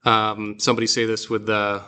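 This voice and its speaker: A man teaching a guided reading class, explaining slowly and patiently with fillers and restarts. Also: fairly low pitch, monotone, bright, forceful tone, clean tone. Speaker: Greek teacher.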